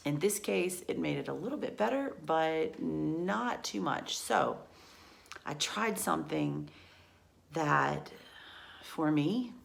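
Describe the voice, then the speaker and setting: A woman hosting a mindfulness talk, speaking slowly and softly with a reflective manner and frequent pauses. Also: low voice, vocal fry. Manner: slow, soft and reflective, with pauses and restarts. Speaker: mental health channel host. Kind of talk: calm personal talk on mindfulness.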